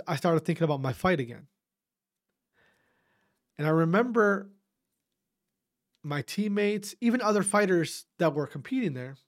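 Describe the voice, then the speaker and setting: A man in his thirties hosts a podcast, talking straight to his listeners in a loose storytelling monologue. His voice sits a bit higher than most men's, and he swears freely and restarts his sentences as he goes. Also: no echo, clean studio sound. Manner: profane, animated, self-interrupting. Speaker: podcast host.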